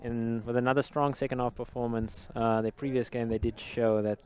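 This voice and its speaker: A man doing live play-by-play commentary at an outdoor sports match, calling the action in a steady, descriptive way. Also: medium pitch, normal speed, clear, resonant tone.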